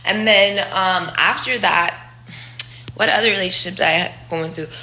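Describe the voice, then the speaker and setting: Woman in her 20s rambling and swearing thru her life story, bright voice, echoey room. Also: lowish voice, moderate pace. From Israel. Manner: profane, rambling, candid with frequent fillers. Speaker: vlogger. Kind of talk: casual storytelling monologue.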